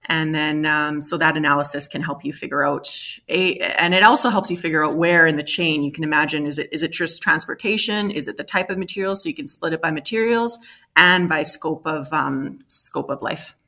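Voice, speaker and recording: A woman's voice: low voice, brisk, sharp tone. A woman, a guest expert, explaining building emissions in a conversational interview with many fillers and restarts.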